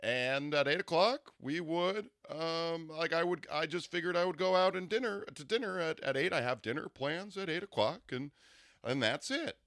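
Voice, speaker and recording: A man doing a comedic impression of a formal, slow-talking man with an announcer-like voice. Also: fairly high pitch, animated, a bit bright, no echo, studio quality, pitched above the performer's own voice.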